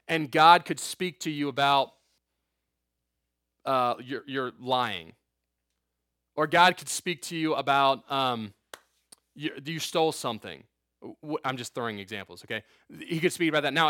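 A male youth pastor delivers a sermon in a fairly high voice, talking to the room like friends and dropping joking asides. The sound is close and dry, with no room echo. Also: bright, forceful tone. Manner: conversational, joking asides, checks in with "okay?".

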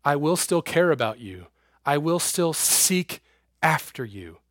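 Guy doing a soft tender god voice, gentle and hushed, dry sound. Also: a little high, very animated, unhurried, no room sound, full character voice.

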